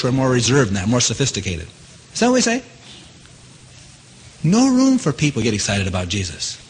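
A man preaching a sermon. He keeps asking his listeners questions and his voice leaps up in pitch to stress a point. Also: fairly quick, pauses often, breathy edge. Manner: animated, asks the audience questions, jumps high in pitch for emphasis. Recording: long hall reverb.

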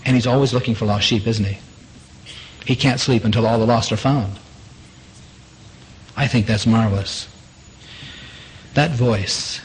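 A man's voice: medium pitch, fairly even intonation, a little slow, long pauses, slight background noise, rough recording. A man preaching a sermon in an earnest, repetitive way, asking rhetorical questions.

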